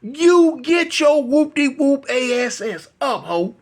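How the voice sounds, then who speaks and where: A man's voice: very high-pitched, sing-song, slow pace, pitched above the performer's own voice, full character voice. A man voicing a hot-tempered male prison inmate, barking orders and insults in a raised voice. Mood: angry.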